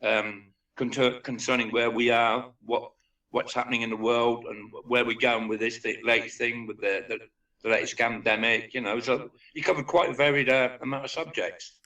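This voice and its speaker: A man chatting as a guest in a measured, reflective way with many fillers. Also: medium pitch, steady tone, pushed and bright. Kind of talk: casual chat. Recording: voice distant from the mic.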